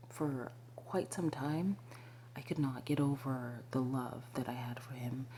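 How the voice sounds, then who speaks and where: A woman telling a personal spiritual story to her viewers, confiding and often slipping into a breathy whisper, with many asides to the listener. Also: deep voice, mellow, a little hiss or hum. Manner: frequent fillers and asides to the listener. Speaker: spiritual vlogger.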